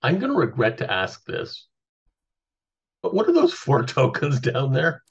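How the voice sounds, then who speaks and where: A man's voice: mid-range voice, wildly swooping pitch, gravelly, breathy edge. Stammering male player on a dull mic. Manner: halting, stammering restarts. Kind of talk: casual tabletop play chat.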